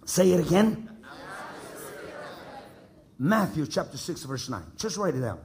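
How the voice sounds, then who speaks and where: A man from the United States preaching a sermon to a congregation, emphatic and repeating lines for them to echo back, building to shouts. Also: on the high side, very animated, a little slow. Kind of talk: sermon with call-and-response. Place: church service before a congregation.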